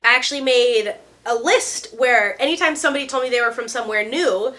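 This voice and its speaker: A woman in her thirties chatting casually to camera as a vlogger, animated and jokey, with playful asides. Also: on the high side, brisk. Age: 30s. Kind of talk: casual chat.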